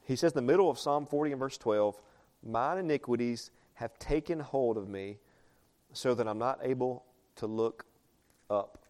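A man's voice: medium pitch, moderate pace, darkish tone. A man preaching a sermon, talking conversationally, asking the congregation questions and reading scripture aloud. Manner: reads scripture aloud in older English. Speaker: pastor.

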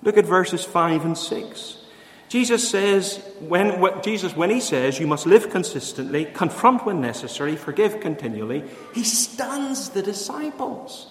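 A man preaching a sermon in an earnest way. He lifts his voice for emphasis and then drops to a hushed voice to tell a story. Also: high-pitched, lively intonation, normal speed. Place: church. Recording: echoey church hall.

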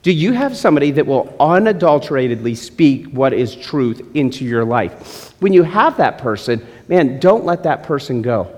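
A man's voice: medium pitch, sing-song, normal speed. Joking male pastor in reverberant hall. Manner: joking, teasing the congregation. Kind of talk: sermon.

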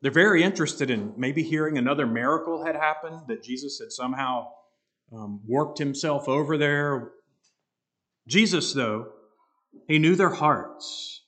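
A man preaching an expository sermon, earnest and emphatic, slowing down to stress key words. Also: fairly high pitch, fairly bright tone. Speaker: pastor.

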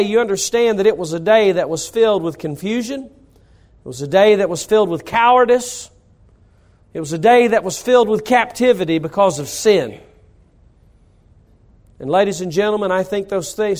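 A middle-aged man from North Carolina, a pastor preaching a sermon with rising emphasis. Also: high-pitched.

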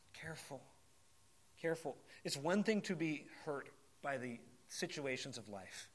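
A man preaching a sermon in a conversational, animated way, often repeating words as he goes. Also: a little high, unhurried.

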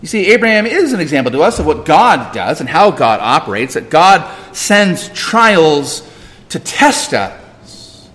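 A man's voice: on the high side, very animated, a little slow, fairly bright tone, in a large hall. A man pastor preaching a sermon, emphatic and repetitive, questioning the congregation and answering himself.

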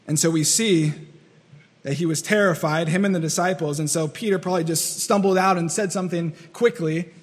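A man's voice: on the high side, steady tone, a little fast, slightly rough, long reverb tail. A man preaching a sermon in an earnest, repetitive way, acting out the voices he quotes. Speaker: pastor.

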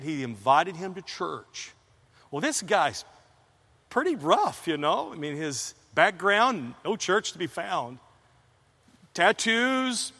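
A man preaching a sermon in a chapel, telling a story with animated, fervent emphasis. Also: high-pitched. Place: college chapel. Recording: long reverb of a large hall.

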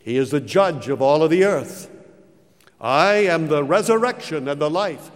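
Slow, emphatic preacher man in a reverberant hall. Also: lively intonation. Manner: slow, emphatic preaching with dramatic pitch swings. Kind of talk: sermon.

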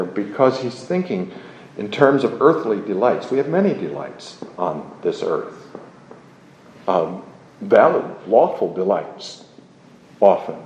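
A man preaching a sermon in a slow, measured, emphatic way, explaining a psalm verse by verse. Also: fairly low pitch, mellow. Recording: muffled, roomy recording.

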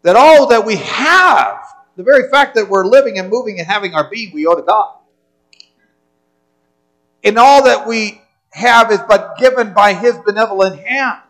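High-voiced man preaching earnestly. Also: expressive, moderate pace, pauses often, fairly bright tone, poor audio. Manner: earnest preaching, repeats words when restarting. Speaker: pastor. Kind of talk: sermon.

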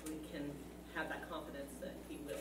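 A woman speaks up in a class discussion, hesitant and full of fillers. Her voice is very low, and she sounds far from the mic in an echoey room. Clear room noise sits behind her. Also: flat delivery, fairly quick. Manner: hesitant, many fillers, laughs easily. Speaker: class participant. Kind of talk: comment in group discussion.

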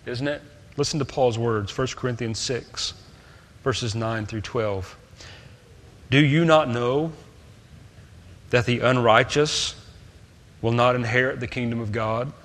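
A male preacher delivers a sermon in a middle-pitched voice. His delivery is emphatic, rising to loud, stressed points and then dropping to quiet asides. A long reverb hangs behind him, as in a large church hall. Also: takes it slowly, pauses often.

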